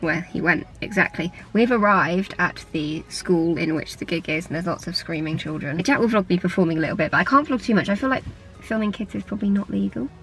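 A woman's voice: lowish voice, brisk, fairly bright tone, soft background music, low-quality recording. A young English woman chatting casually to camera in a vlog, rambling and giggly. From England. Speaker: vlogger.

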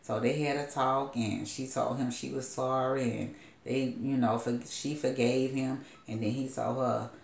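A woman's voice: very deep voice, fairly even intonation, unhurried, gravelly, darkish tone, reverberant. A woman prophetess retelling a story as a sermon, in a loose, rambling storytelling manner with asides.

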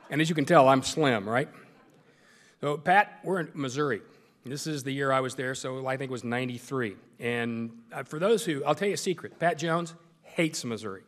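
A man's voice: fairly high pitch, creaky, a bit bright, big-room sound. A man giving a humorous storytelling speech as a guest speaker, full of self-deprecating jokes. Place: large meeting hall.

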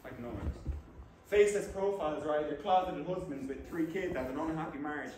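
A young man from the West of Ireland with an Irish accent, performing a comic stage monologue, animated and exclaiming as he jumps between inner voices. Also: on the high side, brisk, crowd noise. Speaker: actor. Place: theatre stage. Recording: echoey live stage recording from far off, noisy.

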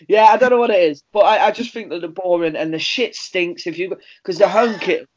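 Man, podcast co-host, high voice, easygoing and rambling, dull lo-fi recording. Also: normal speed. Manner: easygoing, rambling anecdotes, laughs often. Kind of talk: casual chat.

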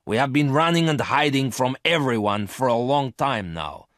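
A man voicing a scheming male space thief who speaks sharply and forcefully, in a dry, close recording. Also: medium pitch, expressive, normal speed, no echo, pitched above the performer's own voice, close to an everyday voice. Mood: commanding.

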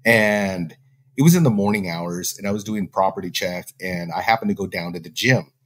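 A man hosting a podcast who tells an anecdote in a casual, animated way, acting out his own reactions. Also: sits low, normal speed. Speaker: podcast host, former butler. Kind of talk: casual storytelling.

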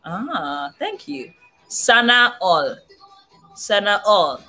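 A woman's voice: mid-range voice, big pitch swings, extremely slow, bright, forceful tone. A young woman from southern Africa chatting casually as a vlogger, playfully sounding out foreign phrases one by one. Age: young adult. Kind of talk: casual livestream chat. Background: faint music playing.

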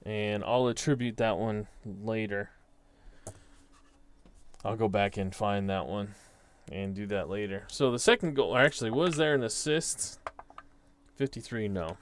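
A man's voice: mid-range voice, clear, resonant tone. A young man casually talking through his tabletop soccer simulation, thinking aloud as he reads off dice results. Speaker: tabletop soccer sim host. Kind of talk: casual solo commentary.

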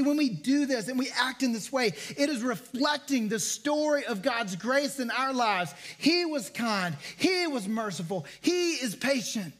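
Male pastor, high-pitched, conversational sermon delivery, asks the room questions. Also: a bit bright. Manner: conversational preaching with repeated phrases and rhetorical questions.

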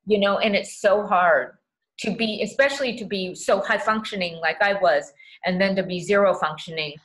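A woman's voice: mid-range voice, moderate pace, fairly bright tone, poor audio. Blunt, candid woman in her fifties, casual heartfelt talk, swears freely. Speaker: host sharing caregiving advice.

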